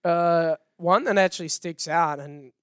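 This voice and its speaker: A young Australian man in his twenties, a guest talking casually in an interview, relaxed and laughing easily. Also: on the high side, measured pace, clean tone, no echo, clean studio sound. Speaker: guest, baseball player.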